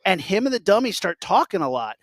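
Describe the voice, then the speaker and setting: A man's voice: high-pitched, brisk, no echo. A man co-hosting a casual podcast chat, telling stories with lots of fillers and restarts. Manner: excited storytelling, many fillers and restarts. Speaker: podcast co-host.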